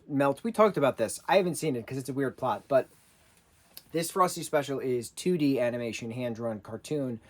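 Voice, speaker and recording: A man in his thirties giving a casual, rambling spoken review, with frequent restarts and fillers. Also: medium pitch. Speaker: vlogger reviewing a TV special.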